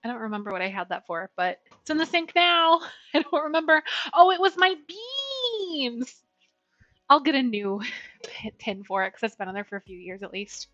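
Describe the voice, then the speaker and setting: A woman's voice: animated, normal speed, a bit bright, no echo, muffled recording, soft background music. A young woman chatting casually through a cooking livestream, talking to her viewers. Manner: chatty, talks to her dog in a high baby voice. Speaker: streamer.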